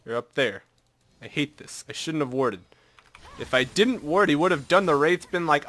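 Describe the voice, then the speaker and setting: A young man talks through his own match in a casual running commentary, his voice lifting and dropping all over the place. He is excitable and self-mocking, sliding from low mutters up to sudden yelps, and sits a little higher than most men. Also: normal speed. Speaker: gameplay commentator. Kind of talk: casual live game commentary.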